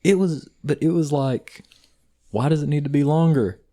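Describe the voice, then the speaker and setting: A young man with an Eastern Kentucky accent, co-hosting a podcast and telling stories in a casual, profane, animated way. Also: fairly high pitch, normal speed. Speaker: podcast co-host. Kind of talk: casual chat.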